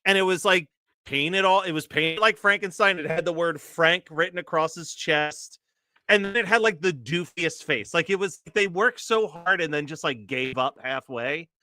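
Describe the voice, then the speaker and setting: Laughing, rambling man with a bright voice. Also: high voice. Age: late 30s. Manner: rambling storyteller, many fillers, laughs often. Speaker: co-host. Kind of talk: casual chat.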